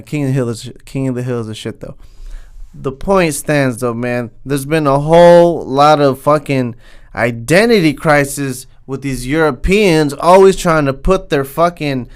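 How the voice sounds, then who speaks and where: Young man, podcast host, profane rant, heated, smooth voice, slightly high. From Southern California. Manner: heated, swears constantly, says "man" a lot.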